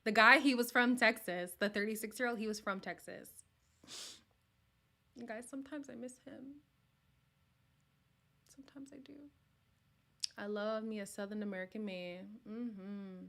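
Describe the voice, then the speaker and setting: A woman with a medium-pitched, pushed and bright voice keeps a measured pace and pauses often. As a livestream host reacting to a reality show, she chats casually, reads viewer comments aloud, and whispers the odd aside.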